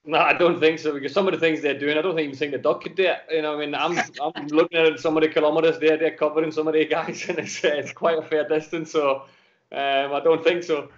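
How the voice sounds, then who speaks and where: A Danish man whose English carries a Danish accent blended with a Glasgow Scottish lilt. He talks as a relaxed guest, chuckling through his answers in a mid-pitched voice. The sound is a dull, lo-fi home video call. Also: fast, slight background noise. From Denmark. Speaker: guest, football coach. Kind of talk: casual podcast interview. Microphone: home call over video chat. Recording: dull lo-fi internet call audio.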